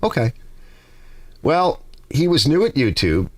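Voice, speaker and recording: A man's voice: mid-range voice, sing-song, slow, a little mellow, dry recording. A middle-aged man hosting a garage livestream, chatting casually, reading viewer comments and rambling through stories. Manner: rambling, talkative storyteller.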